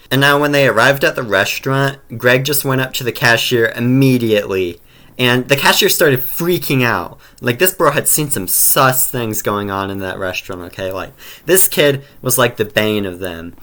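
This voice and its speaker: A man's voice: mid-range voice, animated, normal speed, a bit bright. A man telling a casual storytime over gameplay, rambling in slang and filling his talk with "like" and "bro". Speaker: storytime narrator.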